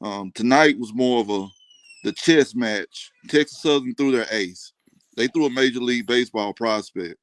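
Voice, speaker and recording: A man talking baseball as a guest on a sports chat, in a steady, matter-of-fact way with many pauses of "um". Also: mid-range voice, no room sound. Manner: even, matter-of-fact, with frequent "um".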